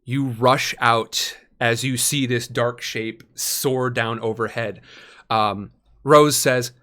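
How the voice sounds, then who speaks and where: A man's voice: medium pitch, steady tone, takes it slowly, sharp tone. A man narrating a tabletop role-playing game as game master, painting the scene in vivid detail with frequent ums and uhs.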